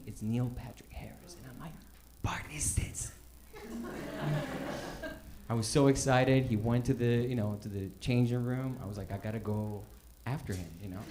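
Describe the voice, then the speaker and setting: A man doing stand-up, telling a self-mocking story in an animated way and acting out what people said. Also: medium pitch, noisy background. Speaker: stand-up comedian.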